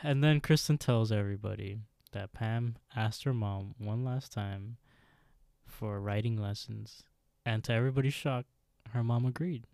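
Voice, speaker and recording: A man co-hosting a podcast, calmly wrapping up a story recap. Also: on the low side, moderate pace, gravelly, no echo, studio quality. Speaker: podcast co-host. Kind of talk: casual episode recap.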